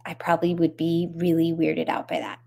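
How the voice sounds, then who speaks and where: Young woman, band singer, chatty live stream, rambling, low voice, gravelly. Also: completely flat delivery, a little fast, mellow. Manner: giggly, rambling, with many ums. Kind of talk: casual live-stream chat reading comments. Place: home in Nashville.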